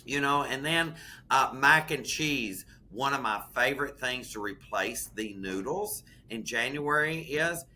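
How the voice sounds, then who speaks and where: A man with a Southern US accent chatting as a podcast co-host, folksy and animated, calling the listener "honey". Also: medium pitch, unhurried. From American South. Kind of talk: casual chat.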